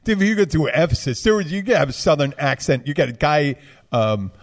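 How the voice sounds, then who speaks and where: A man's voice: a little high, fairly quick. Philly guy, casual chat, rambly, lots of um and restarts. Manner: rambling, many restarts and fillers.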